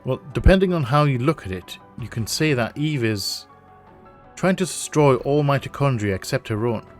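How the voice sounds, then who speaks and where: A man voicing a patient male scientist, explaining things in a measured way. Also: medium pitch, animated, soft background music, close to an everyday voice.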